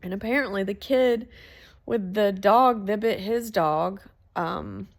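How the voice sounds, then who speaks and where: A woman telling a story in a casual, animated way, swearing freely. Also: mid-range voice, slow pace, vocal fry. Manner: animated, swearing, laughs between lines.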